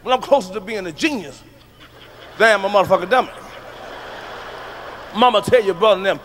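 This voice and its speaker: A middle-aged man from the United States doing a loud, profane stand-up comedy routine on stage, telling punchy stories. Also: sits high, brisk, long pauses, slight background noise. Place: stage before a live audience.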